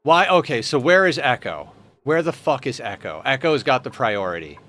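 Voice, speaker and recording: A man's voice: medium pitch, sing-song, normal speed, fairly bright tone, a little hiss or hum. A man streaming a game live, frustrated, swearing and repeating himself as he talks to his viewers. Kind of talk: live gameplay stream talk.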